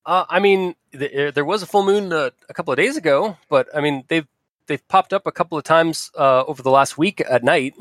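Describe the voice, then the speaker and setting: A man's voice: a little high, fairly quick, fairly bright tone, no room sound. Guy gm rambling through a tabletop scene, dry close sound. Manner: rambling, filler-heavy. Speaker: game master. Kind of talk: narrating a tabletop game.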